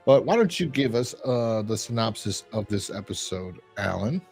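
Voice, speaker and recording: A man's voice: on the low side, animated, moderate pace, creaky, darkish tone, slightly rough, faint music behind. Rambling man hosting a review podcast. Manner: rambling, lots of fillers and "like". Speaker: podcast host reviewing a horror episode. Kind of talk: casual chat.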